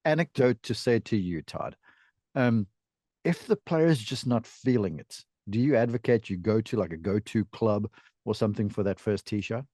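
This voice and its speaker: Low-voiced male golf podcast host. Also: normal speed, no echo, studio quality. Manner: storytelling, animated asides. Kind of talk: casual podcast interview.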